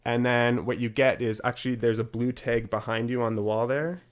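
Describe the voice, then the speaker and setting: Guy hosting a podcast, chatty, upbeat, mid-pitched voice. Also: fairly even intonation, moderate pace. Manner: chatty, upbeat promo delivery. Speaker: podcast host. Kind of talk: casual podcast chat.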